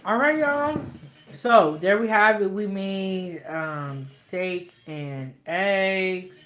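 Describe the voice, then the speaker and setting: A woman's voice: medium pitch, drawn-out words, fairly bright tone. A woman hosting her cooking channel, chatting casually and playfully, laughing at herself and tired after eating. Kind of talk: casual chat to camera.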